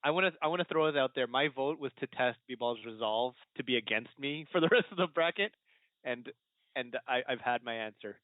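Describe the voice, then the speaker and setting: Guest debater, male, mid-pitched, laughs a lot, hesitant, dry phone-like audio. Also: a little fast, no room sound. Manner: laughs often, hesitant restarts. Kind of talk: casual chat. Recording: tinny phone-like line.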